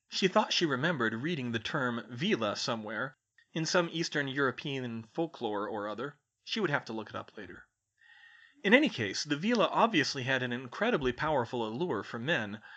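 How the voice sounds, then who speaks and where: A man reading a fan fiction chapter aloud as narrator, with expressive storytelling. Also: medium pitch, dull audio. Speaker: audiobook reader.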